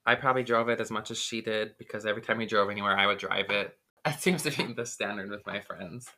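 A man's voice: on the low side, quick pace. A man co-hosting a podcast, telling a rambling story in casual chat with lots of filler words. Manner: rambling, filler-heavy, animated retelling. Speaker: podcast co-host.

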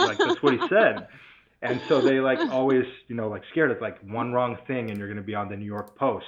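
A man with a lowish voice talks casually as a podcast co-host and slips laughs into his stories. His delivery is relaxed. The audio is dull, with a muffled top end. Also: moderate pace. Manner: relaxed, laughs often while storytelling. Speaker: podcast co-host, former prosecutor.

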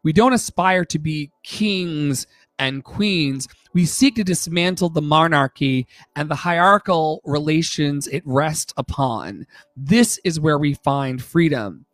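A fairly high-voiced man co-hosting a podcast, talking in an animated, emphatic and profane way. He reads passages aloud and reacts to them loudly. The sound is close and dry. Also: unhurried, no room sound. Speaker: podcast co-host. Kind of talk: casual podcast chat, reading quotes aloud.

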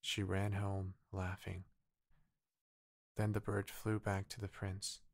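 A man with a Korean first language reads a fairy tale aloud at a slow, soft, unhurried bedtime pace. His voice sits a little low and carries a gravelly fry. The sound is dry and close. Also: completely flat delivery, no room sound. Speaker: narrator. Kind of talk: calm bedtime story reading.

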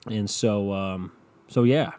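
Here the podcast host's voice sits on the low side with a darkish tone, and he takes his time. The young man delivers a casual, sarcastic football rant packed with swearing.

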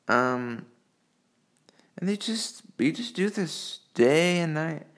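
A man's voice: fairly high pitch, sing-song, slow, long pauses. A man rambling through crude personal stories and jokes, profane and full of fillers, recorded on a phone. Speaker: monologue storyteller. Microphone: phone mic.

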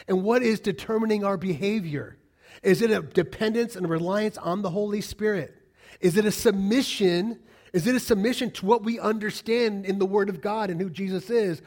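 A man preaching a sermon, animated and full of rhetorical questions, swinging between loud emphatic lines and quiet, low asides. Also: moderate pace. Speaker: pastor.

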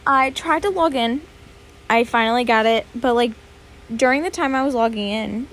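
A woman's voice: a little high, slight background noise. A young woman hosting her own podcast, rambling and swearing a lot in a dramatic, casual chat. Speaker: podcast host.

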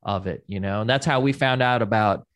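Relaxed male podcast host. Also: lowish voice, fairly quick. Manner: relaxed, reacting with short agreements. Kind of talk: casual podcast chat.

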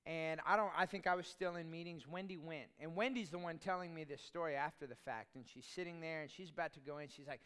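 A man's voice: fairly high pitch, fast, few pauses, fairly bright tone, clear, resonant tone. A man preaching a sermon as pastor, in a conversational, storytelling way with chatty asides.

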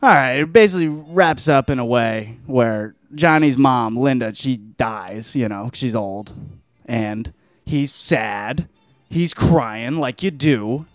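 A man's voice: mid-range voice, lively intonation, slow pace, dry recording. A young man casually retelling a novel on his vlog, rambling and full of slang and swearing. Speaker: book reviewer, vlog host. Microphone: camera mic.

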